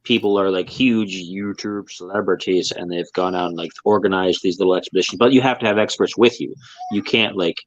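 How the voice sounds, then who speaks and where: A man's voice: low voice, steady tone, fairly quick, no echo, dull audio. A man co-hosting a podcast in casual chat, rambling with lots of filler words. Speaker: podcast co-host.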